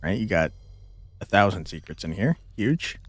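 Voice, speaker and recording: A man's voice: low voice, very animated, normal speed, dry recording. A man streaming a card game, giving casual gameplay commentary, often exasperated, swearing and laughing.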